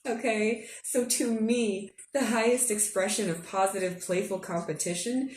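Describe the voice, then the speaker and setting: A woman's voice: mid-range voice, steady tone, moderate pace, darkish tone. Woman, casual vlog, giggly, chatty, says "okay?" a lot, distant from mic, roomy echo. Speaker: astrology forecaster. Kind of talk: casual spiritual forecast vlog. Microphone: headphones. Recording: roomy echo, a bit off-mic, faint room hum.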